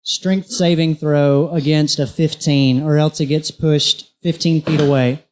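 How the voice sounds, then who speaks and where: Male tabletop player, a bit high-pitched, deliberate, checks the rules. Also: steady tone, a little mellow. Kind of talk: casual game chat.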